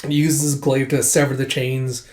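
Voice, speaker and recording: A man casually retelling a comic chapter, lively and quick to react. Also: mid-range voice, roomy sound.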